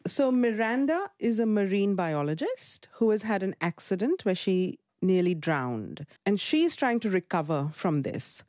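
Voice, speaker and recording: A woman's voice: mid-range voice, sing-song, measured pace, hardly any pauses, darkish tone, no echo, clean studio sound. A woman reviewing a novel on a radio show, earnest and enthusiastic, often repeating her phrases. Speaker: book reviewer.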